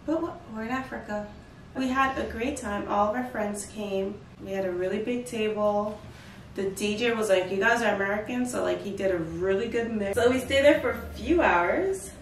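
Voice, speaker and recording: A woman's voice: medium pitch, normal speed. Woman vlog host, playful storyteller, roomy echo, mic some distance away, light background noise. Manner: animated, playful storytelling with bursts of laughter. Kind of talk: casual chat. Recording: echoey room, from a distance, faint noise.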